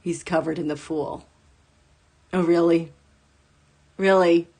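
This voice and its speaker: A woman hosting a casual live tarot stream, chatty and animated, often laughing and jumping up into high exclaims. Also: takes it slowly. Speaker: tarot reader host.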